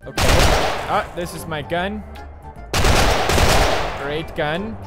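A man giving excitable let's play commentary over a video game, laughing a lot and breaking into shouts. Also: on the high side, slow, over loud music. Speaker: gaming commentator.

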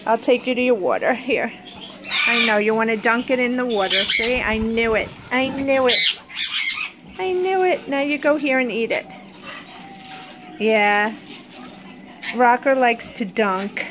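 A woman filming her pets at home for a casual vlog, cooing at them in high sing-song baby talk. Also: expressive, a little slow, pauses often, very noisy. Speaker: pet owner filming her animals. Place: home with caged birds and pets. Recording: loud bird squawks and clicks behind. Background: birds squawking.

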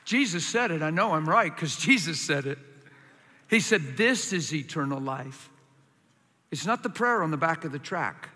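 A man preaching a sermon with passion, swinging from quiet, confiding lines to loud, urgent ones. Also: a little high, animated, moderate pace. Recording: hall reverb.

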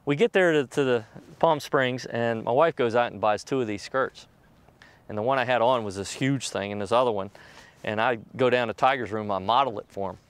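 A middle-aged man, a professional golfer, telling candid stories in an interview, acting out other people's lines with jumps in pitch. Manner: animated, acts out quoted voices with jumps in pitch.

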